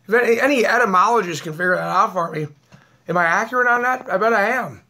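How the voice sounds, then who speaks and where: High, bright-voiced rambling man. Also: fast talker. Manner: rambling, laughs often, talks while eating; aggrieved, combative. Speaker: vlogger. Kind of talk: rambling live video chat.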